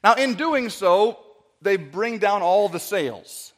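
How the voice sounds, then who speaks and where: A male preacher delivers a sermon through an extended parable. His voice sits high for a man, and he often stammers and repeats words as he tells the story. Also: lively intonation, slow pace.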